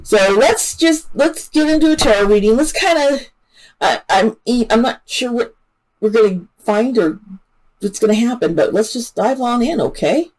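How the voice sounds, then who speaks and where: A woman's voice: on the high side, expressive, moderate pace, darkish tone, low-quality recording. Chatty, emotional woman talking true crime. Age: adult parent. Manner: chatty, emotional, with frequent fillers and restarts. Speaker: channel host. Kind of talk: casual true-crime commentary.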